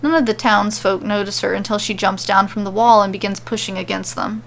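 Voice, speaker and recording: Gravelly-voiced woman reading a story. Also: mid-range voice, fairly even intonation, brisk, slight background noise. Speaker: podcast storyteller. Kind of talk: reading fan fiction aloud.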